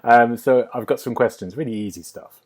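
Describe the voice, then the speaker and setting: A podcast host chats casually with a guest over a remote call, laughing often and asking questions packed with "um"s. He's a friendly interviewer with a mid-range voice that moves a little fast.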